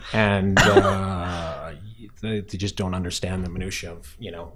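A man with a very low voice talks casually in a podcast interview. He is a film director with a wry, self-deprecating way of telling stories, dropping dry jokes as he goes. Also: fairly even intonation, unhurried, a bit bright.

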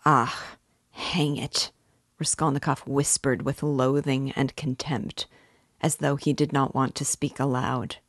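A woman reads a classic novel aloud at a slow, measured pace, her voice low and even. The sound is dry and close, with no echo. She reads as a teacher guiding listeners through the book. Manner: measured, careful. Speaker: reader and literature teacher. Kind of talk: audiobook reading of a classic novel.

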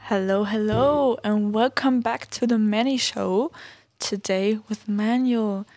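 An upbeat woman hosts a relaxed chat show. She keeps things moving with friendly questions and the odd um. Her voice sounds dry and close to the mic. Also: mid-range voice, takes it slowly, no room sound, soft background music. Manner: upbeat, asks questions with frequent ums. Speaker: podcast host. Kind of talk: casual chat.

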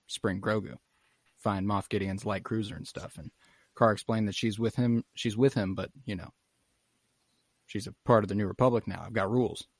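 A man with a fairly low voice retells a TV episode in loose, profane chat, with lots of "uh"s along the way. The sound is dry and close, with no room around it. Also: no room sound. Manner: relaxed storytelling with frequent "uh" and swearing. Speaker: podcast co-host recapping an episode. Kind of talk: casual chat.

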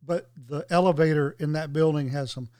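Higher-voiced man in casual chat. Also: fairly even intonation, mellow, no room sound. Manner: halting, with fillers and restarts.

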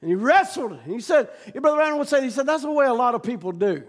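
A man preaching a sermon, telling a story that builds into shouted preaching. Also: very high-pitched, sing-song, fast talker.

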